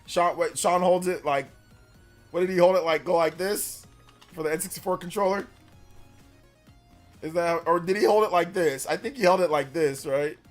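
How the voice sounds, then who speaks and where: A man's voice: high voice, moderate pace, long pauses, faint music behind. A man in his forties hosting a gaming livestream, chatting casually in a blunt, rambling way that repeats itself.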